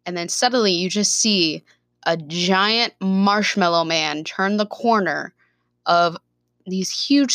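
A woman's voice: medium pitch, a bit bright, no room sound. A young woman hosting a casual podcast, chatting in an upbeat way about her favorite movies and laughing between remarks. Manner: uses casual fillers like "like" and "super". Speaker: podcast host. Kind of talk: casual spoken movie ranking.

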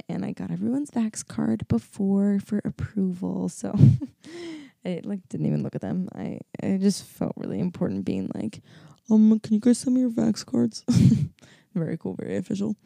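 A woman's voice: fairly low pitch, creaky, mellow, dry recording, clean studio sound. A woman in her early twenties hosting a casual solo podcast, rambling and upbeat with lots of fillers and laughter, and sounding sleepy. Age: 20s. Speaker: podcast host.

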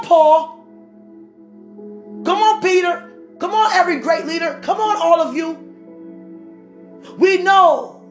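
A woman preaching a sermon with passion, rising to shouts and calling on the congregation. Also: extremely high pitch. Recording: echoey room with faint music.

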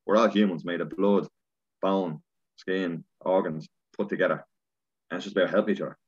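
Guest, Irish man, deep husky voice, quick and animated, muffled lo-fi recording. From Ireland. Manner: animated storyteller, swears freely. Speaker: podcast guest. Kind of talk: casual chat. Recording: dull lo-fi sound.

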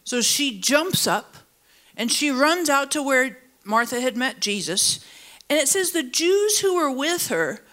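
A woman pastor preaching a sermon to a congregation that is both in the room and online. She talks in an animated way, leaping up high for emphasis and then dropping low and slow, and she asks the listeners to fill in words. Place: church service, also streamed online.

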